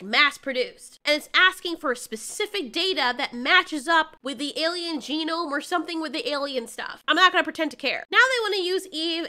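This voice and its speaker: High, bright woman recapping a movie. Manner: chatty and sarcastic, with joking asides. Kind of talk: casual movie recap narration.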